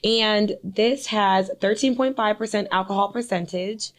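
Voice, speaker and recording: A woman's voice: medium pitch, a little slow. Profane, chatty podcast woman. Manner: loose, profane, reads aloud, animated. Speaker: podcast co-host. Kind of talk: casual chat.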